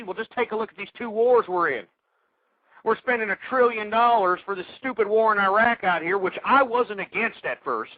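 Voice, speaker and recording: Pitched high, a man's voice fills a call-in radio show with an angry political tirade aimed at his listeners, full of insults and stammered restarts. There's no echo, just thin, phone-quality radio audio.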